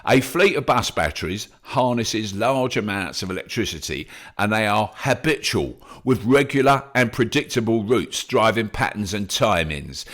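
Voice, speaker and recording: Man doing a London-accented engineer, low voice, matter-of-fact delivery, lively rise and fall.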